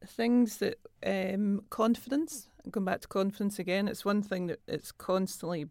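Measured woman, dry close sound. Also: medium pitch, darkish tone, dry recording. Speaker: guest. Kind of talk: casual chat.

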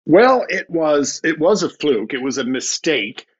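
A man's voice: a little high, very animated, measured pace, breathy edge, lo-fi sound. A middle-aged man, a podcast guest telling wry anecdotes with sarcastic asides. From Canada. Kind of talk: anecdotal storytelling.

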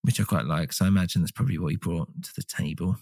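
Laid-back low-voiced man, joking. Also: racing, a little mellow, no echo, clean studio sound. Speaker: podcast co-host. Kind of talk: casual film discussion.

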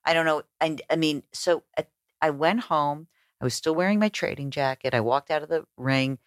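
Guest woman, lively anecdote teller, dry close sound. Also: low-pitched, normal speed, dry recording. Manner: animated, acts out quoted voices. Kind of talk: conversational storytelling.

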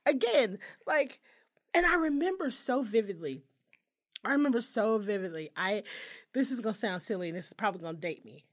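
A woman in her thirties telling stories in a casual chat, animated and profane, often breaking into laughter. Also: medium pitch, a little fast. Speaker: podcast co-host.

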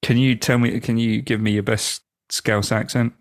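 A man's voice: mid-range voice, level tone, normal speed, no room sound, clean studio sound. A man co-hosting a podcast in casual chat, teasing and laughing often. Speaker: podcast co-host.

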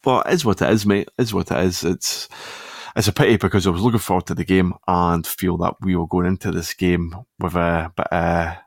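With a deep, gravelly voice and a steady tone, a Scottish man hosts a laid-back football podcast at a brisk pace. He rambles easily and frequently corrects himself, and the clean studio recording has no echo.

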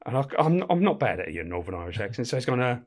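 A man's voice: medium pitch, sing-song, fast talker. Middle-aged man telling blunt prison stories. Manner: swearing, laughing, acts out voices. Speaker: former prison officer, guest. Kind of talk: casual anecdotal storytelling.

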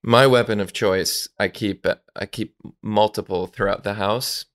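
A man's voice: on the low side, measured pace. A man co-hosting a podcast, chatting casually with lots of fillers. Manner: relaxed, lots of fillers, bursts into shouted quotes. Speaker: podcast co-host. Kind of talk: casual chat.

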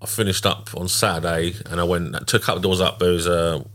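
Deep-voiced laid-back man in his thirties. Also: level tone, fast, fairly bright tone. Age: 30s. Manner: laid-back, swears casually. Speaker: podcast co-host. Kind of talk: casual chat.

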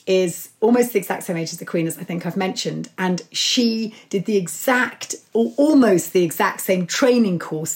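An enthusiastic woman author speaks as an interview guest, telling stories with lively energy. Her voice sits at an ordinary pitch for a woman. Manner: enthusiastic, animated storytelling. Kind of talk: conversational interview.

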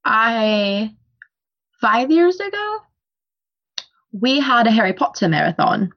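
A young adult woman co-hosting a casual book podcast, talkative and quick to laugh. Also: on the high side, sing-song, lo-fi sound. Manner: talkative, laughs often, tells personal stories. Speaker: podcast co-host. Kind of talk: casual book discussion chat.

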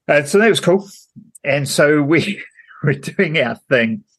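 A man's voice: a little high, lively intonation, takes it slowly, fairly bright tone, slightly rough. Laughing rambling man telling a story. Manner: rambling storyteller, laughs often, many fillers. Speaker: podcast co-host. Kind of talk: casual chat.

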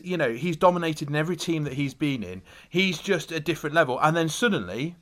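A man, co-hosting a casual football podcast, telling stories with lots of laughter. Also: a little high. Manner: animated, storytelling, laughs often. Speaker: podcast co-host.

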